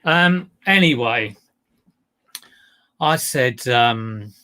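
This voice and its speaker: A man's voice: mid-range voice, animated, drawn-out words, sharp tone. A man chatting casually on a live stream, rambling and self-deprecating as he goes through items he bought to resell.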